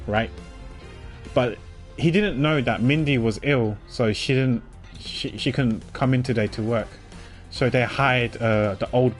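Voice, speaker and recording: Chatty man doing game commentary. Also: medium pitch. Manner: chatty, self-mocking, thinks out loud. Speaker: streamer.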